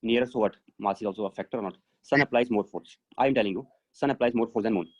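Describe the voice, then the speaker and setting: Fast-talking teacher. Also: male voice, on the low side, lo-fi sound. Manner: explanatory, thinks aloud with many fillers. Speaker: physics teacher. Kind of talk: live online class lecture. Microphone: video call.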